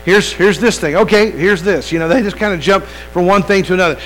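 A man's voice: high voice, fairly quick, a bit bright, poor audio. A man preaching an evening sermon, talking conversationally, restarting phrases and putting questions straight to the congregation. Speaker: pastor. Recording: mains hum behind.

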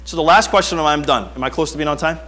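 A middle-aged man preaching a sermon, telling stories with animated swings from quiet asides to near-shouting. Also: a little high, rapid-fire. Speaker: pastor.

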